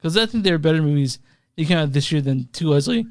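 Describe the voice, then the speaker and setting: A man from Texas co-hosting a podcast in casual chat, halting and repeating words, laughing often, on a close podcast mic. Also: fairly high pitch, animated, a little mellow, no room sound. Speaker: podcast co-host.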